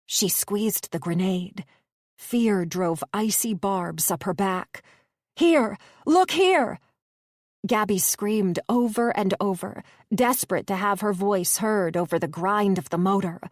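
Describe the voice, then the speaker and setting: A woman reading audiobook narration in a measured, even way. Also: mid-range voice, dry recording, clean studio sound.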